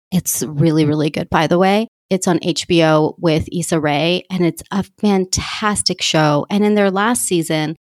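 A woman's voice: on the low side, dry recording, clean studio sound. A woman life coach in her thirties, talking openly and confessionally on her solo podcast and repeating herself for emphasis. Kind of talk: candid solo podcast talk.

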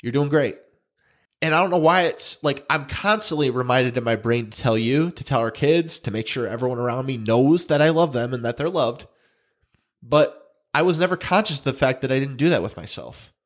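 A man's voice: mid-range voice, animated, a little fast. A man, co-hosting a podcast in casual chat, earnest and emotional, often repeating his words. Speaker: podcast co-host.

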